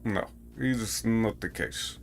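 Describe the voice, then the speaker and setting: A man putting on a stereotypical Russian accent as a gruff stalker, speaking slowly with broken grammar. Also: on the low side, a little hiss or hum. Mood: grumbling. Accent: put-on Russian.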